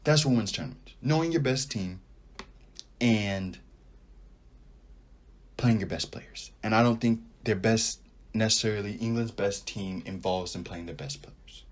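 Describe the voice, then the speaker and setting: A man's voice: fairly low pitch, measured pace, pauses often. A young man hosting a casual sports podcast, giving opinionated takes and thinking aloud as he goes. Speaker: podcast host.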